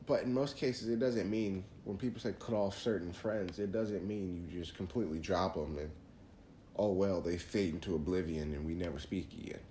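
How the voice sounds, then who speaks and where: A man's voice: low voice, moderate pace, dark tone, roomy sound, slight background noise. A man hosting a podcast, talking earnestly through faith advice in a casual monologue, often restarting phrases. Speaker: podcast host.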